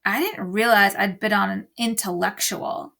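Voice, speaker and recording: A woman's voice: medium pitch, fairly even intonation, normal speed, creaky, fairly bright tone. A woman voicing a catty, snobbish teenage girl who talks in a mocking, uppity way in a read-aloud storybook.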